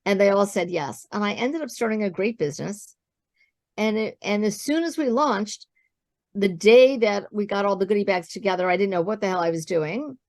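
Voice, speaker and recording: Lady guest spinning a lively story, acts out the quotes, dry close sound. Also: mid-range voice, moderate pace, no echo. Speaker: guest, business founder. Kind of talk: storytelling interview talk.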